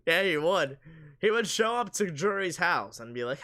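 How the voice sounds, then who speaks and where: A man hosting a live sports stream, casually reading viewer comments aloud and answering them while his voice is going hoarse. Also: fairly high pitch, big pitch swings, measured pace, pushed and bright.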